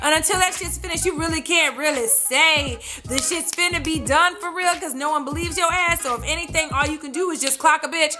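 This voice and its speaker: A woman's voice: high-pitched, fairly quick, few pauses, over music. A woman doing a profane, sassy recap vlog of a reality show, acting out what people said. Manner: sassy, animated, acts out quotes. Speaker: vlogger reviewing a reality show.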